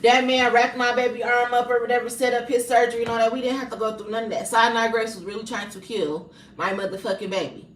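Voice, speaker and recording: A high-voiced woman tells a furious story about her son, swearing freely and circling back to her points. She sits well back from the mic, so the sound is roomy and echoey. A faint hum of background noise runs underneath. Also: fairly even intonation, fast, hardly any pauses, far from the mic. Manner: profane, fired up, repeats herself for emphasis. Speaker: mother telling a story on a livestream. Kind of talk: heated storytelling rant.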